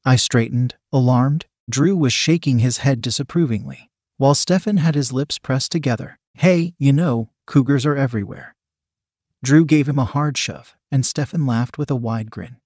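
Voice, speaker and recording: A man reading a first-person story aloud in an even, measured narration. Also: mid-range voice, husky, dry recording, studio quality. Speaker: audiobook narrator.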